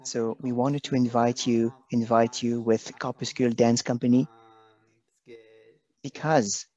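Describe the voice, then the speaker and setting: A man speaking on a video call, halting and emotional, pausing and apologizing as he talks. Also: mid-range voice, steady tone, mellow. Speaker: guest presenter. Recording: dull lo-fi video call audio.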